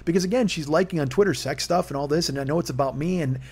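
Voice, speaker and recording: A man's voice: on the high side, fast, a little mellow, slightly rough. A man in his forties telling a personal story on his own, rambling and candid, his voice jumping up when he gets worked up. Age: 40s. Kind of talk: confessional solo monologue.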